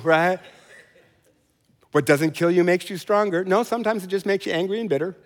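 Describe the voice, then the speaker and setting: A middle-aged man preaching with a lively, swooping voice that sits a bit high. He drops into playful asides and mock voices. His words ring out with a long reverb in a large church hall. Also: moderate pace, long pauses. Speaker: pastor. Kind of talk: sermon.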